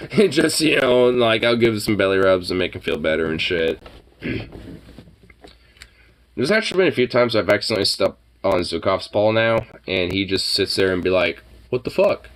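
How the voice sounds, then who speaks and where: A man's voice: low-pitched, lively intonation, normal speed, fairly bright tone. A man chatting casually on a stream, rambling through his stories with lots of swearing and filler words.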